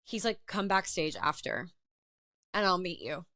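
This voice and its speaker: A young woman chatting as a guest in a casual interview, telling a story with animated acted-out quotes. Her voice sits somewhat low and sounds dry and close. She says "like" over and over. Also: measured pace, dry recording. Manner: animated, heavy use of "like", acts out quotes. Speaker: interview guest, artist and writer.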